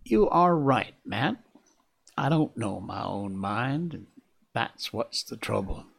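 A man voicing a troubled, short-tempered gentleman who speaks in an emphatic, clipped way, pitched a little above his own voice. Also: animated, unhurried. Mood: exasperated.

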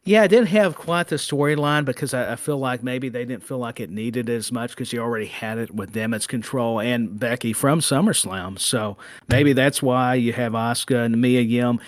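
A man co-hosting a casual wrestling podcast, animated and often repeating words as he starts sentences. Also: medium pitch, moderate pace, no room sound, studio quality. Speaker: podcast co-host.

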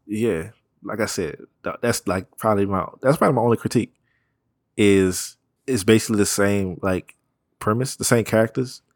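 A man with a very low voice chats loosely and rambles through his points, dropping slang and curses along the way. He laughs easily. The sound is dry and close, with no room echo. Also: normal speed. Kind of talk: casual chat.

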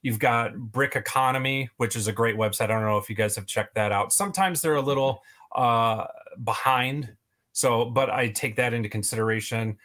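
A man's voice: mid-range voice, moderate pace, a bit bright. A man as a podcast guest, giving long rambling answers full of fillers. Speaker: podcast guest, toy video creator. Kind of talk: casual interview chat.

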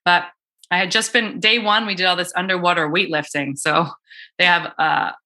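A woman's voice: lowish voice, steady tone, normal speed, bright, forceful tone. A woman coaching on cold exposure, chatting casually with many fillers and restarts. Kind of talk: casual podcast conversation.

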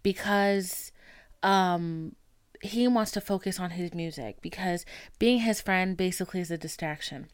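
A woman's voice: fairly low pitch, a little slow, clean tone, dry recording. A woman in her twenties hosting a podcast in casual chat, chatty, full of "like" and casual swearing, into a studio mic. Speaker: podcast host.

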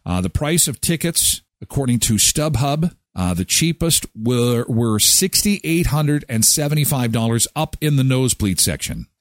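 A man's voice: medium pitch, expressive, moderate pace, no echo, studio quality. A man hosting a daily morning show, talking casually and animatedly, often breaking into incredulous exclamations. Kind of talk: casual chat show monologue.

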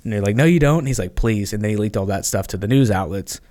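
A man's voice: on the low side, racing, warm tone. A man, a podcast guest, telling stories in casual chat and acting out quoted voices, with many fillers.

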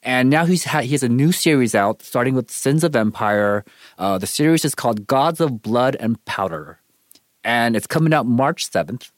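A man's voice: mid-range voice, expressive, moderate pace, no room sound. A man co-hosting a podcast, talking eagerly about a book with some hesitant fillers. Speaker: podcast co-host. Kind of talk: casual podcast discussion.

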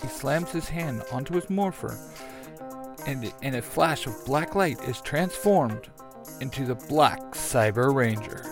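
A man narrating a fan audio drama in a steady, descriptive reading. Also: medium pitch, measured pace, music in the background.

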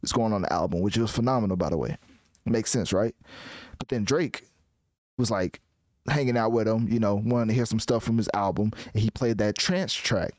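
A man giving casual music commentary in a rambling, animated way, often restarting his sentences. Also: lowish voice, normal speed, dry recording.

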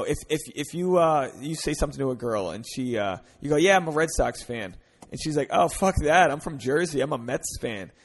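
Animated, profane podcast host. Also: male voice, a little high. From Rhode Island. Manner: profane, animated, acts out bar pickup lines. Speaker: podcast host and stand-up comedian. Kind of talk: solo podcast monologue.

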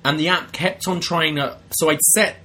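A man's voice: a little high, steady tone, moderate pace, pushed and bright. A man co-hosting a podcast and telling wry stories in casual chat. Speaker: podcast co-host.

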